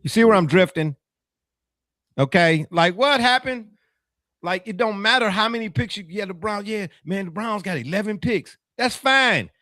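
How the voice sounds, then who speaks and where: A man hosting a casual sports talk show, animated and teasing, laughing often. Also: high-pitched, normal speed, no room sound, studio quality.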